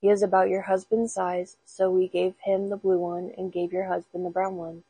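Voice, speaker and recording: A woman voicing a calm, deadpan male undertaker, in a quiet husky storybook reading. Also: on the low side, normal speed, rough recording.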